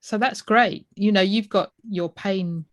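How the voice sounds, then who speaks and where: A woman's voice: medium pitch, measured pace, no echo. A middle-aged woman answering interview questions in an easygoing, matter-of-fact way. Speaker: podcast co-host, guest. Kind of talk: casual interview chat.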